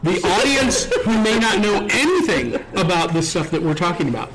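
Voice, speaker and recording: A man's voice: high-pitched, very animated, moderate pace, rough recording. A man hosting a live convention panel, easygoing and affirming, often repeating words as he starts sentences. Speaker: host. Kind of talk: casual live panel chat. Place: convention stage before a live audience.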